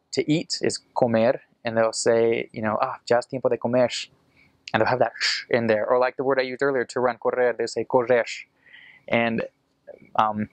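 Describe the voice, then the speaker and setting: An American man explaining casually, rambling with fillers and restarts, and slowing down to demonstrate sounds. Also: medium pitch, dry recording. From United States. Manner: demonstrates sounds slowly and carefully. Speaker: returned missionary explaining an accent.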